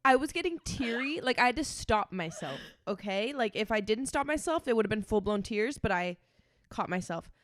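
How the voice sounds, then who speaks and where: A woman in her twenties co-hosting a casual podcast, telling stories in a chatty, animated way and swearing freely. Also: fairly high pitch, moderate pace, no room sound, studio quality. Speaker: podcast co-host. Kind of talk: casual chat.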